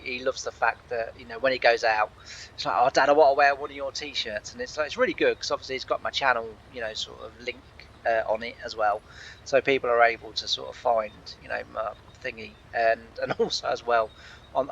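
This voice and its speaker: A man's voice: mid-range voice, fairly bright tone, dull audio, a little hiss or hum. A man hosting a gaming channel, chatting casually and rambling, laughing often. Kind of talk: casual chat over gameplay.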